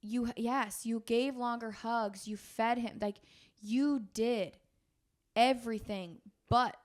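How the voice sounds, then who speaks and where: A female podcast host with a somewhat high voice speaks slowly in a steady tone. Her heartfelt talk is earnest, encouraging and emotional.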